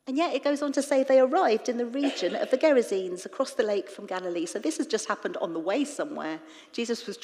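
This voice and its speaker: A woman preaching in church, retelling scripture with lively, animated asides to the congregation. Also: mid-range voice. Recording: reverberant church hall.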